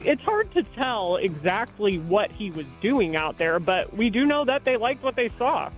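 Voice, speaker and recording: A woman sports reporter heard in a replayed radio interview, laying out team news in a measured, explanatory way. Her voice sits at an ordinary pitch for a woman. Faint music lies under the clip. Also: sing-song, poor audio.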